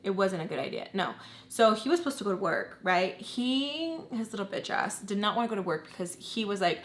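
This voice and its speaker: A woman's voice: mid-range voice, sing-song, a little fast. A young woman vlogger recounts a painful family story straight to camera. She talks heatedly and casually, swears freely and slips into the voices of the people she quotes.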